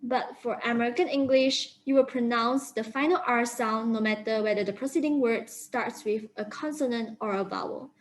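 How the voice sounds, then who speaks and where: A young woman student giving a careful classroom presentation, slowly sounding out example words. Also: fairly high pitch, poor audio. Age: young adult. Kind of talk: classroom presentation on English vowels.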